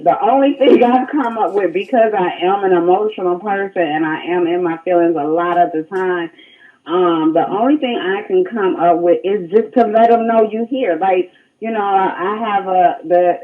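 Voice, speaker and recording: A woman co-hosting a live radio stream, telling stories in a lively colloquial way and repeating points for emphasis. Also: medium pitch. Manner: animated storyteller, colloquial, repeats herself for emphasis. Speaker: radio show co-host. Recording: phone-like narrow sound.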